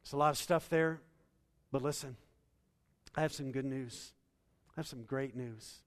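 A man preaching a sermon as pastor, swinging from loud emphatic bursts to hushed endings. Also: mid-range voice, unhurried, in a large hall.

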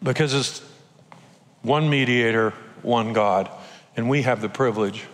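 An older man preaches as a pastor, keeping his sermon conversational while performing short quotes and occasionally becoming emotional. He speaks at a measured pace in a mid-range voice, recorded in a church auditorium with a long hall reverb.

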